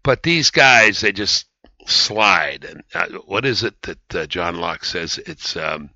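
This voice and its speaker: Very deep-voiced male podcast host. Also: lively intonation, takes it slowly, sharp tone, no echo. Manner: rambling, emphatic, with many restarts. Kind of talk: conversational political commentary. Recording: dry, slightly dull studio sound.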